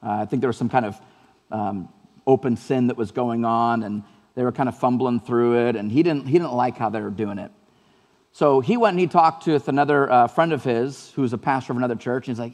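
A man's voice: mid-range voice, a little fast, a little mellow, big-room sound. A man preaching a sermon as pastor, earnest and conversational, repeating phrases for emphasis.

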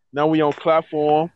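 A man's voice: on the high side, vocal fry, clean tone, dry recording, muffled recording. A man co-hosting a casual album review chat, hyped and repeating slang as he rates songs. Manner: hyped, repeats "bro" and "fire". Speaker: podcast co-host rating songs.

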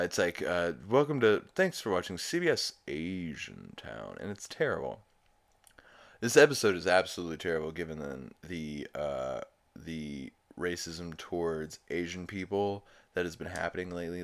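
Deep-voiced, profane podcast host. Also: male voice, smooth. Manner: rambling, profane, laughs while retelling. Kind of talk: casual episode recap.

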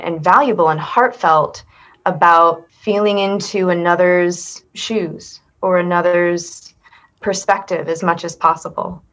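A middle-aged woman talking as an interview guest, thoughtful and earnest, with frequent restarts. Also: on the low side. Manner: thoughtful, earnest, with many restarts and soft laughs. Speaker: guest, accent performer. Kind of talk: reflective interview conversation.

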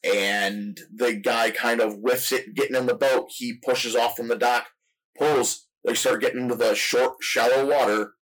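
A man's voice: medium pitch, fairly even intonation, measured pace, fairly bright tone, rough recording. Man retelling a movie scene in detail. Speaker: podcast co-host. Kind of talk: casual film discussion.

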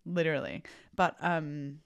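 A woman's voice: low voice, fairly even intonation, measured pace, gravelly, clear, resonant tone. A young woman co-hosting a podcast, speaking frankly with swearing and self-mockery. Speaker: podcast co-host. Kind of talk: casual chat.

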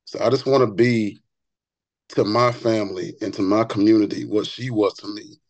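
A man, a barber and author, telling stories as a podcast guest in an earnest, animated way, often repeating words as he gets going. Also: fairly low pitch, moderate pace, no room sound, lo-fi sound. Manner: repeats words when excited. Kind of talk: conversational interview storytelling.

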